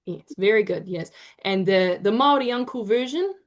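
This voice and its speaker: A woman's voice: mid-range voice, animated. A woman presenting an online pronunciation lesson, encouraging her group and stretching out example sounds. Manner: encouraging, drawn-out demonstration sounds. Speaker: te reo Māori workshop presenter. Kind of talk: online teaching session. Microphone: video call.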